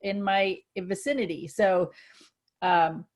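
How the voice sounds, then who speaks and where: A woman co-hosting a casual spiritual chat, earnest and reflective, growing excited when she gives examples. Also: medium pitch, slow pace. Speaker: co-host.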